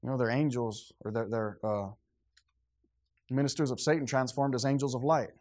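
A man in his thirties preaching a sermon in a conversational, animated way, acting out quotes and asides. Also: mid-range voice, normal speed. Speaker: pastor.

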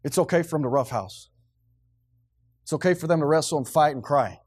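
A man's voice: on the high side, a little fast, husky. A man, preaching a blunt, emphatic sermon as pastor. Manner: blunt, emphatic preaching, grows loud and animated.

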